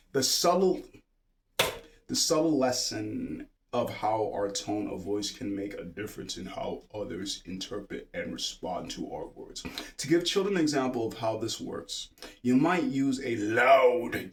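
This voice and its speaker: A man casually reading a children's book aloud, stopping often to ramble and joke. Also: medium pitch. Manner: digressive, jokey, stop-start reading.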